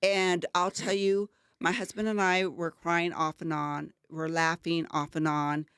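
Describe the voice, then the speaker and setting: Earnest older woman co-host, smooth voice. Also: on the low side, flat delivery, a little slow, fairly bright tone, no room sound, studio quality. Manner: earnest, emotional, rambling with many fillers. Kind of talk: casual talk-show chat.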